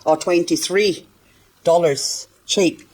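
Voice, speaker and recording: A woman's voice: on the low side, fairly even intonation, slow, a little mellow, rough recording. An older woman, chatting nonstop and giggling as she cleans up her plants for a gardening vlog. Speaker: gardening vlogger. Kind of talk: casual chat while working.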